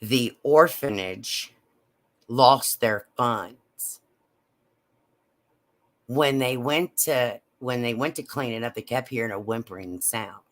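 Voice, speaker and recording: A woman telling a personal story in a slow, halting, emotional way. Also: a bass voice. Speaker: vlogger.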